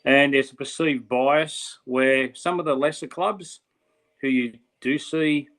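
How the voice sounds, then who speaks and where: A man's voice: medium pitch, steady tone, slow pace, a bit bright. A middle-aged Australian man co-hosting a podcast, talking bluntly and with passion, often saying "mate". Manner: blunt, impassioned, many "mate"s. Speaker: podcast co-host. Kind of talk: casual podcast chat.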